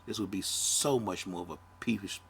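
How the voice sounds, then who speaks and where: A man's voice: sits low, normal speed, vocal fry, fairly bright tone, slight background noise. A man in his fifties, a podcast host, talking bluntly in a casual monologue and swearing freely. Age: 50s. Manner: blunt, profane, conversational.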